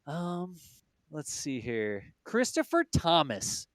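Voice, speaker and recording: A man's voice: a little high, wildly swooping pitch, slow, no room sound. A man with a South Texas accent co-hosting a live launch stream, chatty and folksy, laughing easily. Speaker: livestream co-host. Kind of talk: casual live commentary.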